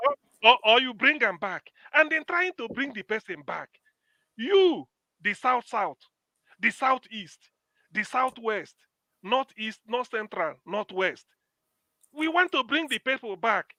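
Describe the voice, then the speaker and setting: A Nigerian man arguing in a heated political debate, loud and emphatic, slipping into pidgin. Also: very high-pitched, sing-song, a little slow, no room sound. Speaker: panel guest.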